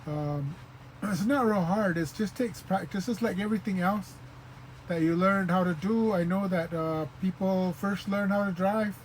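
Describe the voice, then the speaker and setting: Man teaching a language, patient, repeats sounds slowly, high voice, faint noise behind. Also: poor audio. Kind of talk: informal spoken lesson.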